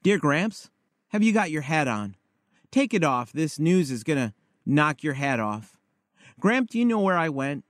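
A man's voice: fairly high pitch, very animated, a little slow, no room sound, studio quality. A man reading aloud the letter of an eight-year-old blind girl to her grandfather, in an earnest, confiding manner. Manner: earnest, wide-eyed, confiding.

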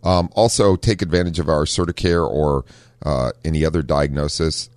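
Super deep guy hosting a car radio show, chatty and folksy, dry sound. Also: steady tone, normal speed, a little mellow, dry recording. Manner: chatty, folksy, lots of fillers. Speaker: radio show host, auto shop owner. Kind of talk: casual radio talk with a caller.

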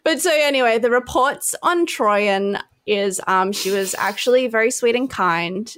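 A woman's voice: on the high side, a little slow. A young woman, co-hosting a casual podcast chat and telling stories while acting out the people in them. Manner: animated storytelling, acts out quoted people. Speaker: podcast co-host.

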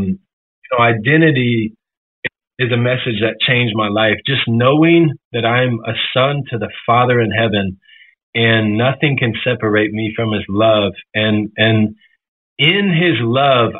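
A man's voice: mid-range voice, measured pace. Earnest man on a tinny phone line. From Florida. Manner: earnest, reflective, gets emotional. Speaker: guest musician. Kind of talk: radio interview.

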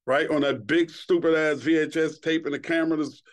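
A man's voice: on the high side, brisk. A middle-aged man, a podcast guest telling casual, profane stories and acting out the quotes. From Queens, New York. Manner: animated, profane, acts out quotes. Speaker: podcast guest, former TV host. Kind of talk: casual storytelling chat.

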